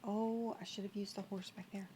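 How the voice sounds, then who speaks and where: A woman's voice: medium pitch, fairly even intonation, normal speed, dark tone, a little hiss or hum. A woman game streamer chatting casually on a live stream, laughing often and greeting viewers in chat as she plays.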